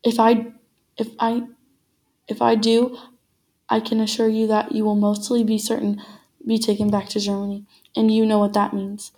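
A woman voicing a stern male ship captain, with measured, firm speech. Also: fairly high pitch, monotone, mellow, close to an everyday voice, poor audio. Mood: warning. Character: stern middle-aged male ship captain, calm authority.

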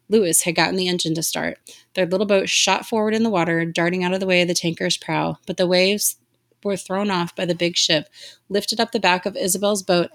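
A woman reading a novel aloud with dramatic expression, lifting her voice for the characters' shouts. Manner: dramatic reading, raising pitch for shouted lines. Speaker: reader.

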